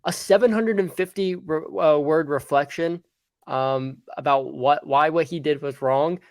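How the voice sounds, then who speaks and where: Young male podcast guest, slightly high pitch, rambling animated storyteller, dry close mic. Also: measured pace, no echo. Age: young adult. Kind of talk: casual chat.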